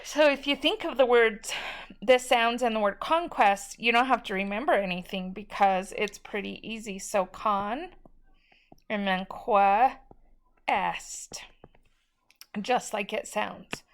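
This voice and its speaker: A woman's voice: fairly high pitch, moderate pace. A woman teacher giving a recorded spelling lesson, patiently sounding out each word syllable by syllable.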